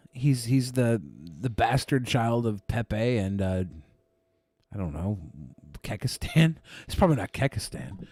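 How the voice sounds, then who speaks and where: A man's voice: medium pitch, a little mellow, dry recording, clean studio sound. A man co-hosting a podcast, talking casually in a profane, sarcastic and mocking way. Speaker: podcast co-host. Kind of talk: casual commentary chat.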